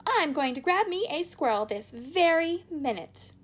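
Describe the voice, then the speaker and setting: Woman plays a spoiled little rich girl, shrill and demanding, shouting high. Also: sing-song, unhurried.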